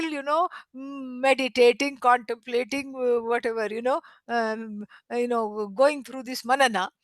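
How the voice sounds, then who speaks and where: A woman teaching a spiritual class, telling the story in an animated way, chuckling often and chanting Sanskrit verses. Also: sits high, no echo. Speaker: Vedanta teacher.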